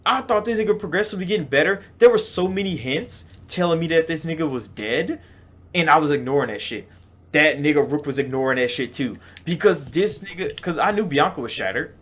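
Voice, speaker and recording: A young man hosting a gaming channel, talking excitedly in a casual game reaction, cursing freely and swinging between loud outbursts and slow, drawn-out stresses. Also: fairly high pitch, husky.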